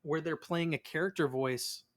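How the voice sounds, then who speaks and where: A man in his thirties, a voice actor being interviewed, telling stories in a lively way, acting out quotes and often restarting his words. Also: on the high side, normal speed. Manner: animated storyteller, acts out quotes of family; many restarts and repeated words. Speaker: voice actor guest. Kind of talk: casual interview chat.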